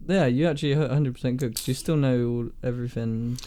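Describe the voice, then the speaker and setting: A man's voice: medium pitch, fast, dark tone. A young man with an English accent, chatting casually as a podcast co-host in an easygoing way and agreeing readily. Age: young adult. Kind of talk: casual chat.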